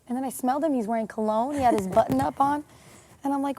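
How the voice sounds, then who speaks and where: A woman telling a painful personal story in an interview, earnest and emotional, with many pauses and fillers. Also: fairly high pitch, noisy background. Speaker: interview guest.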